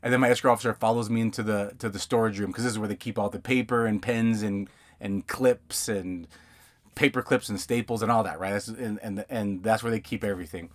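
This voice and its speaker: A man's voice: on the low side, steady tone, brisk. A man hosting a podcast about notary work, telling stories casually from inside his van. He rambles, repeats words and acts out other people's lines as he goes. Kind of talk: casual storytelling monologue.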